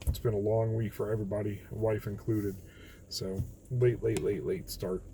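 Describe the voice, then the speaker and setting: Guy reading proverbs and talking it over in his car, mellow low-key voice, faint hum behind. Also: steady tone, normal speed, low-quality recording. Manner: plain, reflective, candid. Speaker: host of a daily Bible reading video. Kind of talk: Bible reading with casual reflection. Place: in a car on a rainy night.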